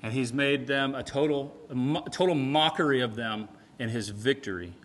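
A man preaching a sermon in a conversational way, often checking in with "right?" and swinging between loud and soft. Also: mid-range voice, moderate pace, a little hiss or hum. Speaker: pastor. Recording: long hall reverb.

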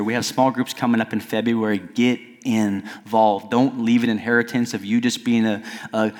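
A middle-aged male pastor preaching a sermon in a conversational style, at times climbing to near-shouting. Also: medium pitch. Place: church sanctuary. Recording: long reverb of a church hall.

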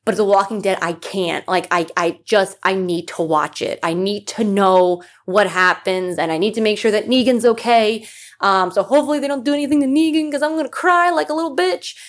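A woman's voice: medium pitch, brisk. A young woman hosting a solo podcast, chatting casually and gushing, with lots of fillers and asides. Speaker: podcast host.

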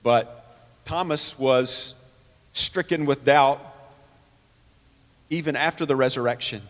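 A man's voice: medium pitch, slow, in a large hall. A man preaching a sermon, earnest, asking rhetorical questions and reading scripture aloud. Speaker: pastor.

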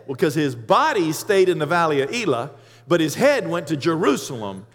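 Impassioned high-voiced male preacher. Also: big-room sound. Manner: impassioned, rising to shouts on emphatic lines. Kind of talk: sermon.

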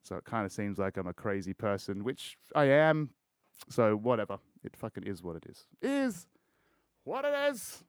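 A man's voice: fairly low pitch, expressive, normal speed, clean tone, dry recording, studio quality. Sweary, rambling Australian man. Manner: rambling, heavy swearing, crude jokes. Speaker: podcast host. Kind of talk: casual solo podcast chat.

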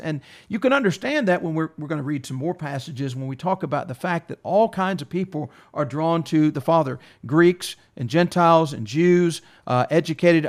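A man teaching from scripture, reading verses aloud in an earnest Bible study discussion. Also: on the high side.

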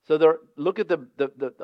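Guy preaching, kinda high voice, dry muffled sound, chatty, acts out the story people. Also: vocal fry, no room sound. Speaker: pastor. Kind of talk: sermon.

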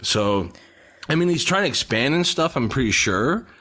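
A man's voice: medium pitch, animated, normal speed, bright, forceful tone. A man co-hosting a podcast, chatting casually and rambling through his opinions. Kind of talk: casual chat.

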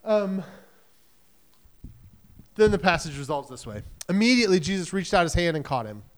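Animated, casual-sounding male preacher. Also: sits high. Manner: conversational, animated, acts out the story in quick quoted voices. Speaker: pastor. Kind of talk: sermon.

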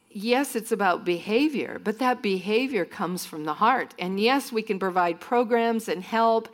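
A woman minister telling stories in a sermon-style talk to a church group, often acting out what other people said. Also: mid-range voice. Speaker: minister speaking to students.

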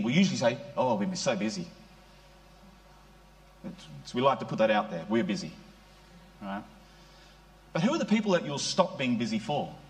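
Man preaching a conversational sermon. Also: on the high side. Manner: conversational, asks the congregation rhetorical questions.

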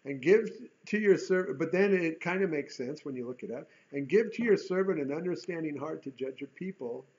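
A man's voice: fairly high pitch, expressive, brisk, hardly any pauses, darkish tone. An earnest male preacher delivering a sermon, his slightly raised voice climbing into emphatic bursts and circling back over the same words. The recording is dull and lo-fi. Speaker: pastor.

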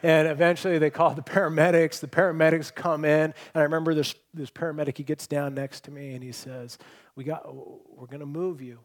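A man preaching a sermon as pastor, telling stories, shifting between loud emphatic points and quiet, hushed lines. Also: fairly high pitch, flat delivery, fast, hardly any pauses. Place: church hall with congregation.

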